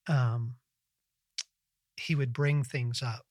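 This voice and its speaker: A middle-aged man teaches in a relaxed conversational way on a Christian podcast, earnest and reflective, sometimes breaking into animated bursts. His voice sits at an ordinary pitch. It comes across dry and close, with no room sound. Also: extremely slow, no room sound. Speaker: podcast host and Christian author.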